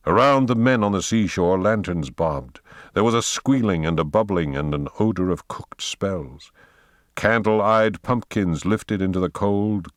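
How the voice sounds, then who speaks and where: A man giving a slow, dramatic reading of an audiobook as its narrator. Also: low voice, no echo, clean studio sound. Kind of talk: scripted narration.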